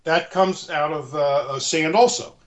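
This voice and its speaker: A man's voice: a little high, a little slow. A man as an interview guest, explaining in a conversational way, earnest and restating his points as he searches for words.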